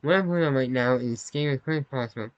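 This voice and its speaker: A man's voice: medium pitch, rapid-fire, dry recording, highs cut off. A man narrating his playthrough of a story game in a chatty, self-conscious way. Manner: apologetic, self-conscious aside. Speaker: gameplay narrator.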